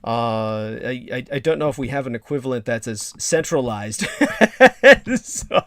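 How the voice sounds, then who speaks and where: A man hosting a casual livestream conversation, wordy and deliberate, with hesitant fillers. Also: mid-range voice, no room sound, clean studio sound. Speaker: host.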